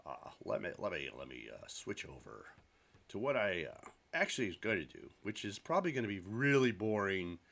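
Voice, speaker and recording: A man's voice: lowish voice, vocal fry, pushed and bright, slightly rough. A man hosting a live stream, chatting casually with viewers in a rambling, self-deprecating way. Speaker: livestream host.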